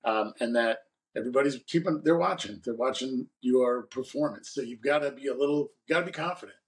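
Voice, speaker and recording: A man's voice: medium pitch, a little fast, distant mic, rough recording. A man co-hosting a podcast, telling rambling stories about his career in a casual chat. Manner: rambling anecdotal storyteller. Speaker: podcast co-host.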